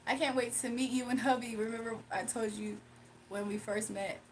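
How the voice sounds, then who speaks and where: A woman chatting casually with her viewers on a livestream, animated and laughing often. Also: fairly high pitch, moderate pace, a little hiss or hum.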